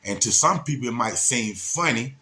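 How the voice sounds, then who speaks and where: A man's voice: medium pitch, expressive, moderate pace, bright, forceful tone. A man casually telling a story, laid-back and slangy, with many asides.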